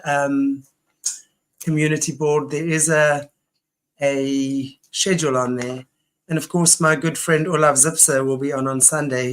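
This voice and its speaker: A woman hosting an online talk show, rambling and enthusiastic with many restarts. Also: deep voice. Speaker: host. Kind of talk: casual online show chat.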